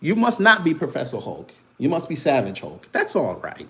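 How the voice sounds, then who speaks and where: A man's voice: a little high, huge pitch swings, normal speed, pushed and bright. A man hosting a live stream, teasing and taunting his chat with casual banter and frequent laughs.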